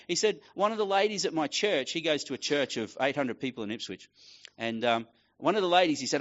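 A man's voice: on the high side, brisk, a bit bright, highs cut off. A middle-aged man preaching a casual sermon, acting out quoted voices as he tells a story. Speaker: pastor.

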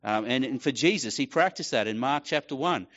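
Man, middle-aged, pastor, conversational sermon, animated quotes, slightly dull recording. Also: mid-range voice, brisk. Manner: animated storytelling with voiced quotes, casual asides.

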